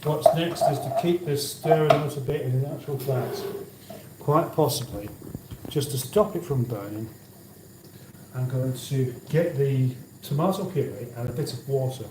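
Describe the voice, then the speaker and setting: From a home kitchen, a man runs a cooking livestream, chatting easily and answering viewer comments aloud with dry humor. His voice sits at a medium pitch and moves at an unhurried pace. There's background noise, and the kitchen sounds roomy and far off.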